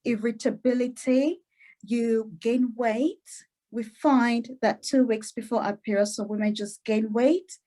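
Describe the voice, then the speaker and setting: A woman clinician, a guest on the show, explaining in a lively way, laughing often and acting out little quotes. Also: a little high, unhurried. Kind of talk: explaining in an interview.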